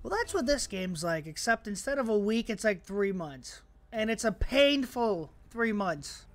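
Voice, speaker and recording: Sitting at his home computer, a young man narrates his gameplay in an unhurried, high voice. He's excitable and profane nonetheless, ranting, cursing, and ridiculing his opponents as well as himself.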